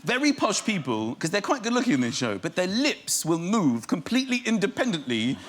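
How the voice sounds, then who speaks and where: A man's voice: high-pitched, sing-song, brisk. A middle-aged man, a comedian guest, telling stories on a chat show and acting out little scenes in silly voices. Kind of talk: animated chat-show storytelling. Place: TV studio with live audience. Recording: loud studio audience laughter and noise.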